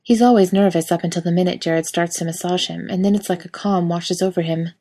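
Brief: female reader, slightly low pitch, wry lively storytelling. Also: fairly quick. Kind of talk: reading fan fiction aloud.

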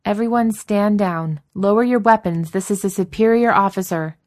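A woman's voice: on the low side, a little fast, dark tone, close to an everyday voice. A woman voicing a commanding female officer who barks clipped, authoritative orders.

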